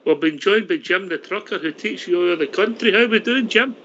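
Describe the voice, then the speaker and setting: A man hosts a call-in radio show, brisk and jokey as he passes from caller to caller. His voice is bright and a little high. The sound is slightly muffled, with a faint hiss behind it. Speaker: radio host.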